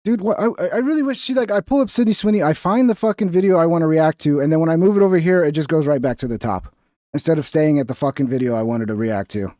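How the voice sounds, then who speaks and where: A man's voice: on the high side, fast, mellow, no echo, clean studio sound. A man hosting a casual reaction stream, talking in a crude, rambling, profane way.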